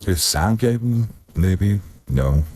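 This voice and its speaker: A man's voice: on the low side, animated, takes it slowly, a little mellow, husky. A streamer testing his audio setup, rambling and muttering to himself and swearing under his breath. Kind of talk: casual self-talk while troubleshooting audio. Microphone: desk mic with noise gate.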